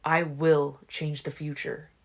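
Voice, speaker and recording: Woman doing a brooding vampire boy, anguished, low, slow. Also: little pitch movement, gravelly, full character voice.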